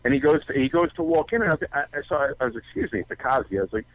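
A man working an arcade counter, telling a profane, animated story on a casual talk show. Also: on the high side, rapid-fire, few pauses, no room sound, phone-quality sound. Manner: profane, animated retelling with acted-out quotes. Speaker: arcade counter worker, guest.

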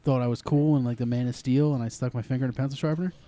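A man co-hosting a casual comedy podcast, telling quick joking stories. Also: mid-range voice, steady tone, mellow. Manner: rapid joking banter. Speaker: podcast co-host.

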